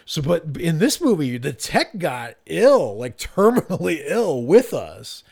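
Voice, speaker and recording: A man co-hosting a casual film discussion, animated, swearing and laughing often as he talks. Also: a little high, unhurried, gravelly.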